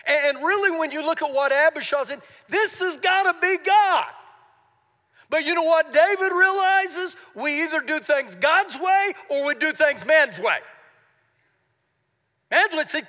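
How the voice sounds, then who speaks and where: A man preaching live in a church hall, his voice very high for a man and ringing with long reverb. He swings from shouting to hushed, confiding retellings of scripture. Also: unhurried. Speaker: pastor. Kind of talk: sermon. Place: church sanctuary.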